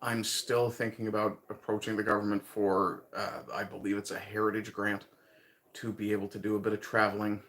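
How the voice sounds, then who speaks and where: Fairly low in pitch and a bit bright, his level-toned voice moves fairly quickly. He's a lightly accented livestream host from Newfoundland, Canada, chatting casually with viewers, rambling and chuckling as he thinks out loud.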